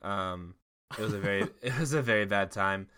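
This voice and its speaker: Bright-voiced man rambling through a story. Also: on the low side, brisk, clean tone. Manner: rambling storytelling with frequent fillers and laughs. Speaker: podcast co-host. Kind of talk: casual chat.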